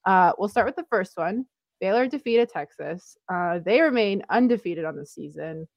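A woman's voice: medium pitch, expressive, normal speed, no echo, lo-fi sound. A woman in her twenties co-hosting a casual sports podcast, upbeat and chatty, laughing easily. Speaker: podcast co-host.

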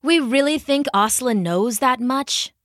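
A woman's voice: sits high, measured pace, fairly bright tone, no room sound, studio quality. A woman voicing a young halfling hunter, guarded and matter-of-fact, in a storybook reading.

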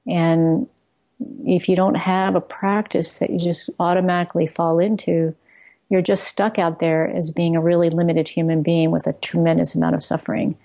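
A middle-aged woman with a mellow, fairly low voice talks as a guest in a reflective conversation. She speaks earnestly and searchingly, often restarting a phrase before finding her point. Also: flat delivery, normal speed, gravelly. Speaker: guest, outreach work leader.

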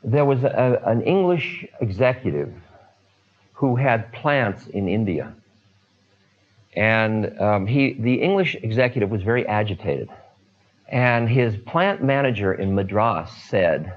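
Low-voiced guy telling stories slow, lots of ums and pauses, dull lo-fi sound. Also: expressive. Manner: unhurried, many pauses and fillers. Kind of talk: storytelling talk. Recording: dull lo-fi recording.

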